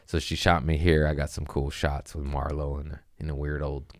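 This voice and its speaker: A man's voice: extremely low pitch, level tone, normal speed, dry recording, clean studio sound. A male comedian hosting a podcast, telling stories in a loose, profane, casual way and acting out the lines of the people in them. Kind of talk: casual storytelling monologue.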